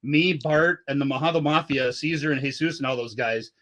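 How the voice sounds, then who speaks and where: A man's voice: on the high side, a little fast, fairly bright tone. A man hosting a podcast from Southern California, telling stories in a loose, profane way and laughing often. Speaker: podcast host. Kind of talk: casual podcast chat.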